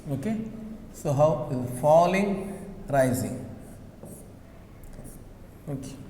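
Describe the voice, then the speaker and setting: A man teaching a class, slowly repeating key phrases, with fillers when he hesitates. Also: on the high side, animated, warm tone, slight background noise. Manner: slow, repetitive, with hesitant fillers. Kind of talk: classroom lecture. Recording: echoey room with long reverb.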